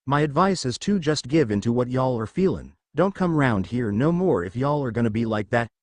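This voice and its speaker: A teenage vampire boy with a Southern US drawl gives his blunt advice, as a man reads him. The voice rises and falls freely within an ordinary pitch, heard up close in a dry recording. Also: expressive, moderate pace, dry recording, close to an everyday voice. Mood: teasing.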